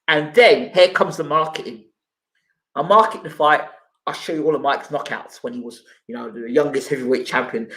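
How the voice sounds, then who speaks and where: A man with a high, lively voice argues about boxing on a live stream and fires off rhetorical questions. He sounds animated and combative. His voice echoes around the room he records in. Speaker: boxing channel host. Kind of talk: live stream commentary and viewer replies.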